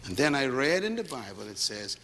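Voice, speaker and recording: A man with a Bahamian accent preaching a sermon to a congregation, telling stories with rising shouts. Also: mid-range voice, fairly quick, big-room sound, a little hiss or hum. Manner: animated storytelling, rising to shouts. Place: large hall before a congregation.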